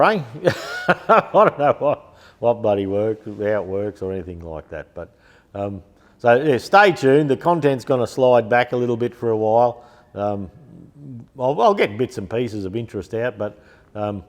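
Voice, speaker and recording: Rambling Australian bloke, low voice, reverberant room. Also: male voice. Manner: meandering, folksy, many ums, chuckles often. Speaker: vlogger, shed channel host. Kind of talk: casual rambling chat to camera.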